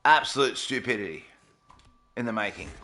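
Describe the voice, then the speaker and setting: A man's voice: fairly low pitch, expressive, moderate pace, sharp tone. A man hosting his gaming channel, giving sarcastic, mocking gameplay commentary and laughing often.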